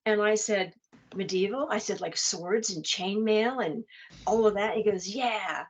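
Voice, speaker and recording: An older woman, a guest in a casual chat, tells anecdotes and laughs as she goes. Her voice sits at a medium pitch and moves at a moderate pace.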